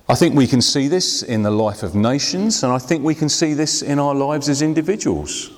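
A man preaching a sermon to his congregation, slowing down to stress key words. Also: medium pitch. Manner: preaching with sweeping rises and drops, slowing for emphasis. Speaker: pastor. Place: church hall. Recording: long hall reverb.

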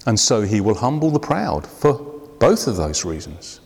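A man preaching, his voice swinging widely from high to low as he drives points home and slows for weight. His words ring out with a long hall reverb around them. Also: very animated, vocal fry, a little mellow, husky. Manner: preaching with sweeping rises and drops, slowing for emphasis. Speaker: pastor. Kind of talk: sermon. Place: church hall.

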